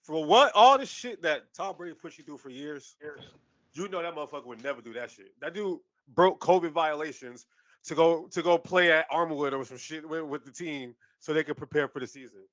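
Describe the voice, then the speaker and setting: Sports pod dude, cussing and laughing a lot, kinda high voice, dull lo-fi mic. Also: male voice, fairly quick, no echo. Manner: animated, profane, laughs often. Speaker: podcast co-host. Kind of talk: casual sports chat.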